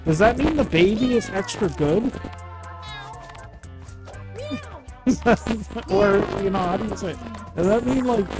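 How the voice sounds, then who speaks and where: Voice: medium pitch, animated, brisk, poor audio. Rambling, jokey game streamer. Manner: rambling and jokey, reads chat aloud. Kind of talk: casual live-stream chatter while gaming. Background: game music.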